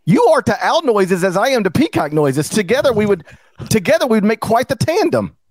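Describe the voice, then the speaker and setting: A middle-aged man co-hosting a sports podcast, talking in a playful, rambling, animated way. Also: high voice, fairly quick, no room sound. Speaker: podcast co-host. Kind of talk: casual sports podcast banter.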